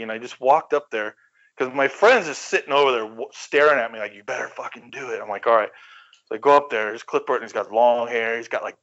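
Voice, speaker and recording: A middle-aged man from the Bay Area, a guest telling stories casually, animated, swearing freely and acting out quoted voices. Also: medium pitch. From San Francisco Bay Area. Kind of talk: casual storytelling. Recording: slightly dull lo-fi recording.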